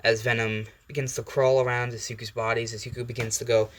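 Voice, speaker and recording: A man telling a made-up fan story off the cuff, at an ordinary middle pitch. He rambles, stops for side comments and drops in curse words along the way. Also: flat delivery, quick pace, pushed and bright, slight background noise. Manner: casual, rambling, with asides and swearing. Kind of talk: improvised fan story narration.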